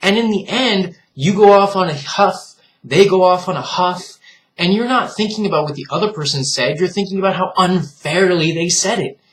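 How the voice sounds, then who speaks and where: A man's voice: high voice, normal speed, a little hiss or hum. Earnest man lecturing his viewers. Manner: earnest and reflective, lecturing the viewer with frequent direct appeals; laughs at what he finds foolish. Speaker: vlogger. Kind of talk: casual vlog monologue.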